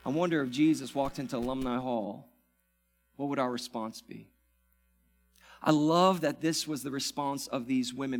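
A man preaching a sermon as pastor, swinging from loud, excited passages to hushed, reverent ones. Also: medium pitch, normal speed, pauses often, faint music behind.

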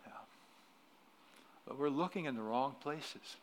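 A middle-aged man preaching a sermon in a church, telling a story with loud emphatic peaks that drop to quiet, then closing in prayer. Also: mid-range voice, measured pace, a little hiss or hum. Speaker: pastor. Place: church sanctuary.

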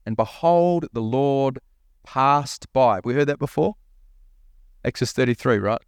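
A male pastor preaches a sermon, posing rhetorical questions to the congregation and reading scripture aloud while voicing the prophet's lines. His mid-range voice is smooth and unhurried, captured in clean studio sound with no echo.

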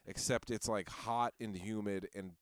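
A man casually telling a profane story on a podcast, animated and swearing freely. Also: lowish voice, unhurried, dry recording.

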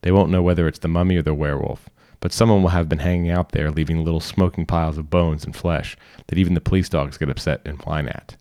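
A man reading a short story aloud in calm, instructional second person. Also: rumbling low, fast talker, few pauses. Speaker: reader. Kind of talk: scripted narration.

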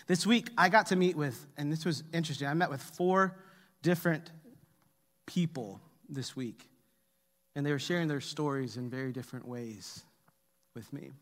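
A man's voice: a little high, moderate pace, pauses often, a bit bright. A middle-aged man preaching a sermon as pastor, telling humorous family stories and asking the congregation to answer. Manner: humorous storytelling, asks the congregation for replies. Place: church hall with long reverb. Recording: echoey church hall.

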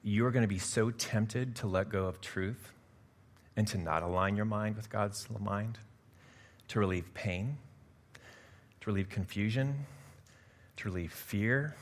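A middle-aged male pastor with a fairly low voice preaches a sermon. He drops into soft, confiding asides, then climbs into loud, driving emphasis on key lines, with a self-deprecating laugh here and there. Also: unhurried, long pauses.

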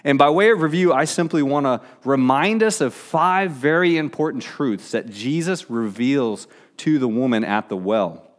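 Middle-aged male pastor, conversational sermon delivery, restarts and fillers, mid-pitched. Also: animated, normal speed, hardly any pauses.

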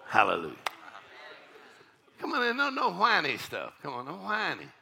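A man preaching a church sermon, swinging from fiery shouted exhortation to folksy, laughing storytelling. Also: sits high, huge pitch swings, moderate pace, gravelly, a little hiss or hum. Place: church service.

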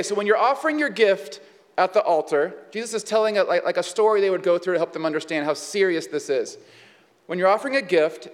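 A man's voice: high-pitched, long reverb tail. A man preaching a sermon in a conversational way, with frequent fillers and rhetorical questions. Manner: conversational, with many fillers and asides. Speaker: pastor.

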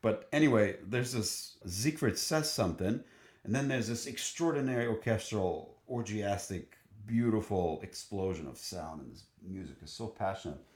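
A choral singer tells an enthusiastic story in conversation, halting often with restarts and fillers. His voice is fairly low and a little mellow, and the sound is reverberant.

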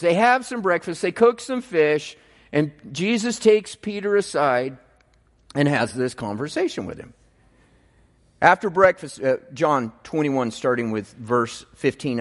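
A man preaching a sermon, telling the story in an animated way with casual asides to the congregation. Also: fairly high pitch. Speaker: pastor. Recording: long reverb in a large hall.

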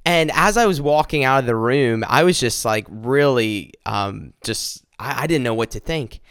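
A man earnestly telling a personal faith testimony, halting and restarting as he speaks directly to his listeners. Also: mid-range voice, expressive, fairly bright tone, clean tone, dry recording, clean studio sound.

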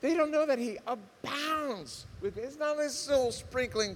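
Impassioned preacher in an echoing church. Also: male voice, very high voice, a little slow. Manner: impassioned, swings from loud emphatic outbursts to soft earnest tones. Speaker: pastor. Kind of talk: sermon. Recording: reverberant hall.

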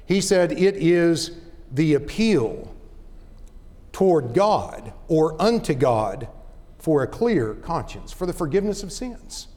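High-voiced preacher man in a reverberant hall. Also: darkish tone. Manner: earnest, deliberate, storytelling with repeated restarts. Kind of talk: sermon.

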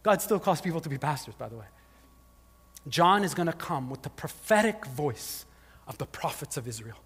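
A male pastor preaching a sermon, telling the story with animated asides and acted-out voices, often saying "like". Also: fairly high pitch, moderate pace, slightly rough. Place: church hall. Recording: long hall reverb.

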